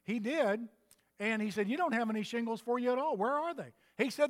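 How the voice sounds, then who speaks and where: Older male pastor from Texas, folksy storyteller, high voice, echoing hall. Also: fairly quick. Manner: folksy storytelling preacher, humorous asides. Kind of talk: sermon. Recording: reverberant hall.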